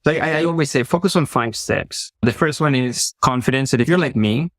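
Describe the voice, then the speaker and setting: A man with a Mexican accent talks at a brisk clip as an interview guest, bringing his stories to life by acting out the lines of the people in them. His voice sits in a middle register, and the recording is dry and close, with no room sound. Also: mid-range voice, no room sound. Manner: animated, acts out quoted dialogue. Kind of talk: conversational storytelling.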